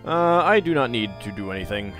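A man hosting a game playthrough, joking casually and reading item text aloud with excited bursts. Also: medium pitch, a little fast, soft background music. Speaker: let's play host.

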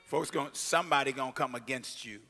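A male pastor preaching a sermon, shouting out scripture and breaking into casual asides to his congregation. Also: mid-range voice, quick pace, soft background music. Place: church sanctuary. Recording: long reverb of a church hall.

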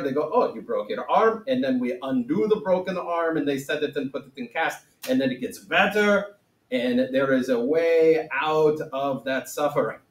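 A solemn ancient sage, put on by a man teaches in a wobbly foreign accent and broken grammar. His mid-pitched voice echoes around the room. It sounds as though it was picked up from a mic set some way off. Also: close to an everyday voice. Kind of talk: playful in-character lesson. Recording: roomy echo, mic at a distance.

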